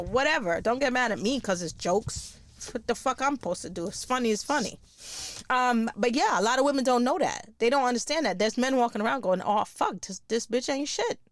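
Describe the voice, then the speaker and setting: This middle-aged woman is a comedian ranting bluntly on her own podcast, swearing a lot and laughing at her own jokes. Her pitch is fairly high, and the recording has no room sound.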